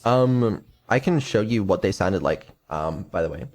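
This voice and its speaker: A man's voice: low voice, expressive, normal speed, darkish tone. A man streaming as a developer, talking casually with lots of ums and dry sarcasm. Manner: mumbling, hesitant, many ums, dry sarcasm.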